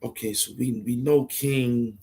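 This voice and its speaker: A man's voice: medium pitch, steady tone, a little slow, warm tone, slightly rough. A man rambling to himself as he thinks aloud, often hesitating, repeating himself and restarting.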